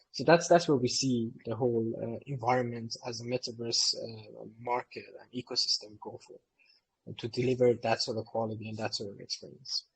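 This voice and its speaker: Husky man explaining eagerly. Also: medium pitch, low-quality recording. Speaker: company co-founder answering community questions. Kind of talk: live Q&A session.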